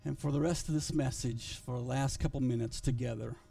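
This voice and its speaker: Earnest gravelly-voiced pastor telling a story. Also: male voice, medium pitch, steady tone, dark tone, far from the mic. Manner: earnest storytelling, halting restarts. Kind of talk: sermon with a children's story.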